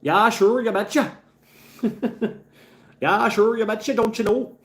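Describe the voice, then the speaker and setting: A man's voice: fairly even intonation, slow, fairly bright tone, heavily acted. A man voicing a folksy, cheerful Upper Midwest man, in a sing-song way. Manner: sing-song, high-pitched, jokey.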